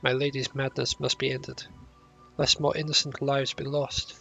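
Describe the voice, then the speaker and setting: A man's voice: medium pitch, little pitch movement, normal speed, vocal fry, fairly bright tone, soft background music. A man reading as a grieving, solemn servant. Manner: solemn, old-fashioned phrasing. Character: grieving, solemn servant confessing a dark secret. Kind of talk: reading game quest dialogue aloud in character.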